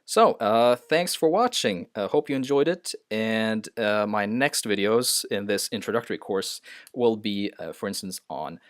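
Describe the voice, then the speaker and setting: A man's voice: fairly low pitch, expressive, measured pace, no room sound, studio quality. A man teaching a lesson off the cuff, hesitant, with many fillers and restarts. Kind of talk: unscripted screen-share lesson.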